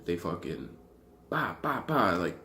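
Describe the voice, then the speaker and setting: Low-voiced man, profane and rambling. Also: unhurried. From Arizona. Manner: profane, animated, loose and rambling. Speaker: vlogger. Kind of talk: casual storytelling to camera.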